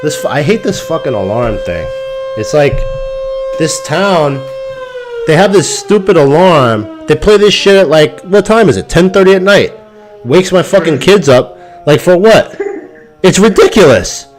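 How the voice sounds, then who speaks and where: A man's voice: on the high side, unhurried. A man hosting a crypto stream, telling stories in a casual, rambling and profane way, ranting and sounding exasperated. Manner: profane, animated storytelling.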